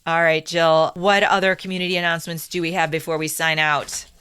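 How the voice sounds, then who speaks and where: A woman co-hosting a paranormal podcast, chatting casually and reading listener reviews aloud with quick excitement. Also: deep voice, clean tone. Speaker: podcast co-host.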